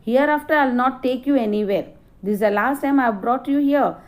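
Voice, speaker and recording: A woman's voice: high-pitched, fairly quick, lightly acted. A woman teacher reading out the lines of a stern mother scolding her child. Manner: stern, threatening.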